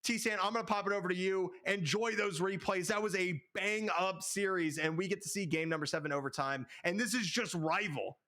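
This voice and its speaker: A young man casting an esports match play-by-play, calling fast and excitably with his voice half worn out. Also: high voice. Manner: rapid, excitable calls that climb into shouts. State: voice half gone, out of breath. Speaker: play-by-play caster. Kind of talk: esports commentary.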